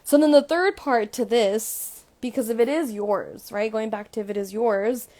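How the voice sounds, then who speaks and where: A woman's voice: on the high side, normal speed, warm tone. A young adult woman talking casually to camera about emotions, full of "like" and "right?". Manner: chatty, fills with "like" and "right?". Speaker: vlogger. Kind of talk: casual self-help talk.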